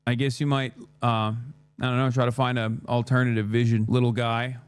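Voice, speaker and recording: A male streamer reacts live in a sarcastic, mocking manner at a mid pitch. His voice sits close and dry on the microphone, with no room sound. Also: level tone, fairly quick, clean tone, dry recording, faint music behind. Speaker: streamer host. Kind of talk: livestream reaction commentary.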